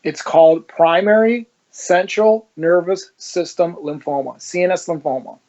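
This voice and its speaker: A man's voice: high voice, measured pace, muffled recording. A man who is a former police officer, telling his story in an interview and acting out the dialogue as he goes. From Ohio, United States. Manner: animated storyteller who acts out quoted dialogue.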